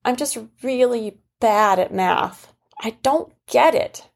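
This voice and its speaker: Sad little girl in a kids story, mom doing the voice, way high and tiny. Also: slow pace, gravelly, exaggerated voice. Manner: high, childlike voice.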